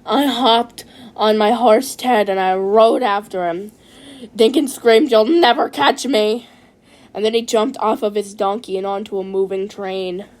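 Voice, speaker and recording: A woman telling a rambling, silly first-person adventure story, excitable and stumbling over her words. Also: mid-range voice, a little slow. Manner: excitable, restarts and repeats words.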